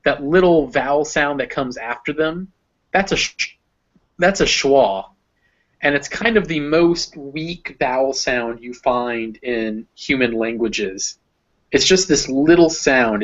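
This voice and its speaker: A man tutoring a student one-on-one in pronunciation, patiently explaining sounds and modeling words aloud. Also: mid-range voice. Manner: patient, explaining with spoken examples. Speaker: phonetics tutor. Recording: dull lo-fi recording.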